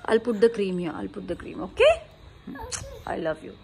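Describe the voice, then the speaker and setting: A woman in her thirties with an Indian English accent, chatting and coaxing as a mother in a casual family vlog, mixing English with Hindi and soothing gently. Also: mid-range voice, normal speed, vocal fry, crowd noise. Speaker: vlogger mother. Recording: faint background noise.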